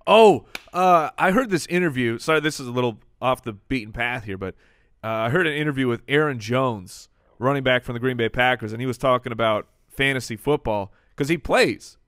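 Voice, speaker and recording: A man's voice: medium pitch, brisk, fairly bright tone, no echo. Laid-back guy on a sports podcast, mid voice, dry close mic. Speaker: podcast co-host. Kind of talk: casual sports talk.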